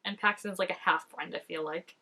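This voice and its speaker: A woman's voice: lowish voice, fairly even intonation, a little fast, gravelly, sharp tone. A young adult woman reacting to a TV episode in a casual, chatty way. She uses lots of fillers, laughs often and makes mock-dramatic exclamations at the screen. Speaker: TV reaction vlogger.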